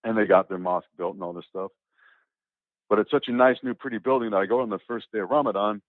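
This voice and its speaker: A man telling a personal story as an interview guest, animated and acting out the dialogue as he goes. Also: fairly low pitch, fast. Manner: animated, acts out quoted dialogue, repeats words. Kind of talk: casual spoken storytelling. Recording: tinny, phone-like, dry.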